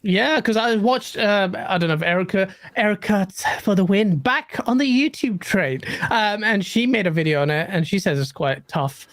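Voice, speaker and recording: A man riffing on games with a co-host. His pitch swings widely as he rambles and jokes, and he swears freely. The recording is dry and close. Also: expressive, normal speed, hardly any pauses, a bit bright, no echo. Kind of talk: casual podcast chat.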